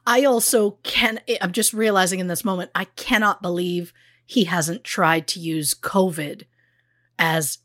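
A woman's voice: on the low side, steady tone, measured pace, a bit bright, no room sound, clean studio sound. A woman co-hosting a true crime podcast, blunt and sarcastic as she recaps a case. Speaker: podcast co-host.

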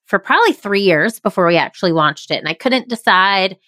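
A woman's voice: mid-range voice, expressive, fairly quick, sharp tone, dry recording. A woman hosting her own podcast, giving an upbeat, emphatic motivational talk into a microphone in a small closet. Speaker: podcast host and improv workshop leader. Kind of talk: solo podcast monologue. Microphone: studio podcast microphone.

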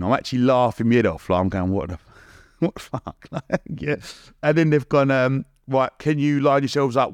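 A man's voice: medium pitch, no echo. Man, London accent, podcast guest, chatty anecdote, cheeky and blunt, dry close sound. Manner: lively anecdote-telling, acts out quotes, laughs often; blunt and cheeky, swears casually. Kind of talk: casual storytelling.

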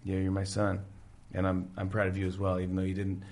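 Gravelly man retelling sitcom scenes. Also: low-pitched. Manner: animated, acts out characters' lines in quick impressions. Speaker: podcast guest, talk show host.

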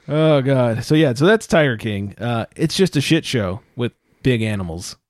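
A man telling a story on a casual podcast, profane and animated, with loud outbursts when he quotes himself. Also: medium pitch, measured pace, no room sound, studio quality. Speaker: podcast co-host. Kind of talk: casual chat.

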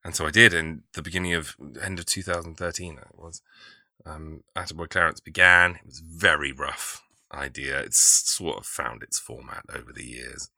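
A man's voice: extremely low pitch, moderate pace, creaky, pushed and bright, dry recording, clean studio sound. A man hosting a podcast, chatting casually and enthusiastically, laughing often. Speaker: podcast host. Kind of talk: casual conversation.

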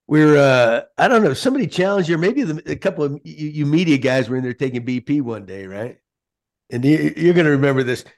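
A man hosting a podcast chat, animated and folksy, often repeating his words. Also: a little high, a little fast. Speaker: podcast host. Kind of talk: casual chat.

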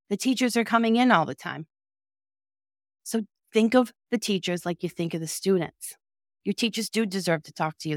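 A woman's voice: medium pitch, no room sound, studio quality. A woman coaching child care directors in a direct, encouraging and emphatic way. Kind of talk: motivational talk to camera.

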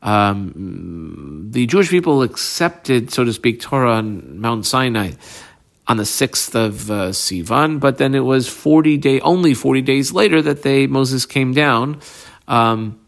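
Male Talmud teacher, casual study lesson, reads aloud then explains loosely, filler-heavy, mid-pitched. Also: animated, measured pace, creaky.

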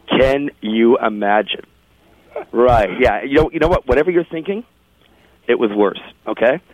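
A chatty male radio host spins a funny story, laughing and tripping over his own words. His voice sits at a middling pitch. It comes through a thin, phone-like radio signal. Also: slow, long pauses. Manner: chatty, laughing, self-interrupting. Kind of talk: casual radio chat, storytelling. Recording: tinny phone-like radio audio.

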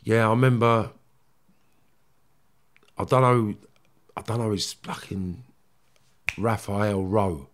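A middle-aged man, telling stories bluntly in casual chat, full of swearing and halting restarts. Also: on the low side. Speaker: podcast guest.

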